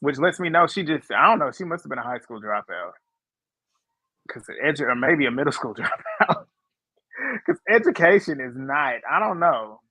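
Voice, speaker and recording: A man's voice: fairly high pitch, wildly swooping pitch, normal speed, pushed and bright, slightly rough, dry recording, rough recording. A man hosting a casual live reality show recap, blunt and laughing often. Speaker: host.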